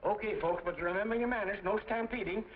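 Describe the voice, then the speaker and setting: An actor as a harried, wisecracking mayor. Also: male voice, high-pitched, quick pace, close to an everyday voice. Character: harried, joking male small-town mayor. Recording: muffled 1940s film soundtrack, noticeable hiss.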